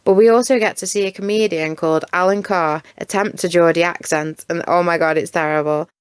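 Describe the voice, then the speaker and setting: A woman's voice: fairly low pitch, steady tone, brisk, clean tone, no room sound. Giggly chatty woman with a Stoke accent. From Stoke-on-Trent, England. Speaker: documentary narrator. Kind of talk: casual narration.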